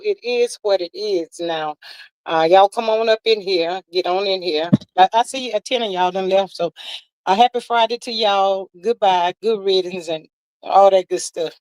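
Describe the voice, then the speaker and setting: A woman's voice: mid-range voice, a little mellow, no echo, poor audio. A woman hosting a casual livestream, chatty and slangy, greeting viewers by name and reading their comments aloud. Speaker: livestream host.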